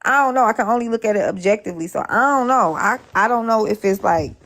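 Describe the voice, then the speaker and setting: A woman's voice: medium pitch, quick pace, a bit bright. A woman hosting a casual live stream, chatting in a rambling, laid-back way. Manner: chatty, rambling, with frequent laughs.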